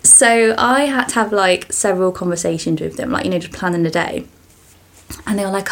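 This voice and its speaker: A woman's voice: medium pitch, fairly quick. A young woman co-hosting a podcast, telling rambling stories in casual chat and often giggling. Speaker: podcast co-host.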